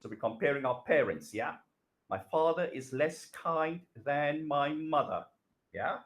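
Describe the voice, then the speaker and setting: Slow, patient male English teacher. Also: fairly high pitch, lively intonation. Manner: slow and patient, repeats phrases and asks rhetorical questions. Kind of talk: recorded grammar lesson.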